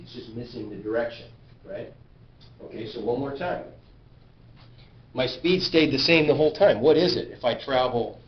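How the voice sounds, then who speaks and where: A male physics teacher lecturing a class, often asking questions and checking that students follow. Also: medium pitch. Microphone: camera at a distance. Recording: roomy, distant, dull camera sound.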